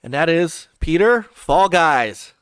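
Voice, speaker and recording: Man, podcast host, casual gaming chat, a touch high, dry close sound. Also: animated, takes it slowly, fairly bright tone, clear, resonant tone, dry recording. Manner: chatty, restarts and laughs while talking.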